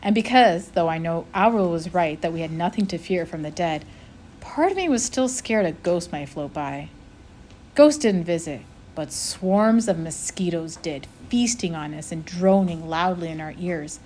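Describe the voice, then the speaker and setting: A woman, a teacher, reading a chapter of a novel aloud with expressive storytelling. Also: on the low side, moderate pace, a little hiss or hum.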